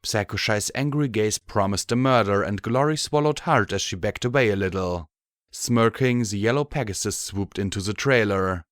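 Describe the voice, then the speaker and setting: Low-voiced man narrating an audiobook. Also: normal speed, no echo, clean studio sound. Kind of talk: fan fiction audiobook narration.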